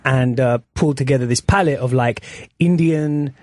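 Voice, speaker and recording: A man's voice: medium pitch, moderate pace, darkish tone, no room sound. London man, dry studio interview. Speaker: musician guest. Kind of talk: casual radio interview.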